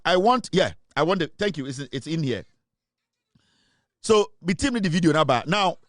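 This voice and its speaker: A man with a Ghanaian accent giving a forceful political commentary monologue, switching between English and Twi. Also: a little high, no room sound, studio quality.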